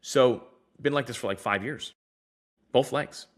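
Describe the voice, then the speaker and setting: A man's voice: medium pitch, unhurried. A man on a podcast casually telling patient stories, acting out what doctors said to him. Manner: animated storyteller acting out quoted doctors. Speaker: guest, device innovator. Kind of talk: casual storytelling in a podcast interview.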